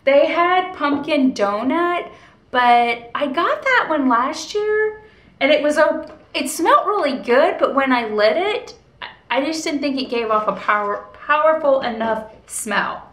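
A woman's voice: sits high, expressive, unhurried, fairly bright tone, reverberant. A woman vlogging casually at home by a window. She chats and tells stories with gusto, acting out the lines of the people she quotes. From United States. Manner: chatty and storytelling, acts out quoted dialogue. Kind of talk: casual vlog chat. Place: indoors at home in front of a window.

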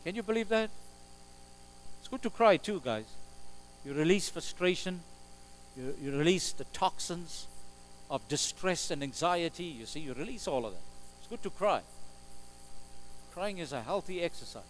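A man's voice: fairly high pitch, lively intonation, normal speed, long pauses, a little hiss or hum, poor audio. Emphatic male pastor preaching. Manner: emphatic, swings from loud exclamations to quiet asides. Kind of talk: sermon. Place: church sanctuary. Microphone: live stream recording.

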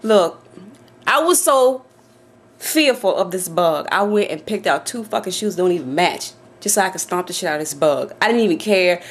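A woman's voice: on the low side, animated, normal speed. A woman vlogging to camera from her home office, swearing, laughing nervously and shrieking in fear. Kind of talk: casual vlog to camera.

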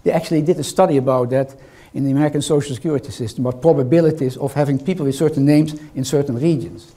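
Older man lecturing playfully, mellow voice. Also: a little high, fairly even intonation, racing. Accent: foreign accent. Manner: playful, quizzes the audience. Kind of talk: interactive lecture. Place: lecture hall with a live audience.

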